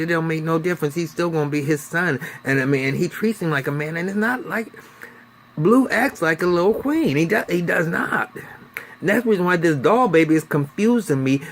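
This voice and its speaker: A man talks through a TV episode recap in a loose, casual way. He swears freely and tells the story with energy, slipping into the characters' lines as he goes. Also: on the high side. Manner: animated, profane storytelling with voiced quotes. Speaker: TV recap reviewer.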